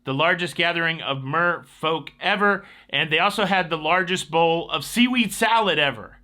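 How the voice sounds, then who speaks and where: A man's voice: fairly high pitch, normal speed, pushed and bright. A man hosting a casual cruise news show, reading stories and adding chatty, joking asides.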